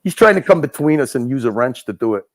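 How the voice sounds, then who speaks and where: Gravelly animated Chicago man. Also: medium pitch, fast talker. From Chicago North Side. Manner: animated, swears a lot, stumbling restarts. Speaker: livestream regular. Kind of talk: casual profane banter.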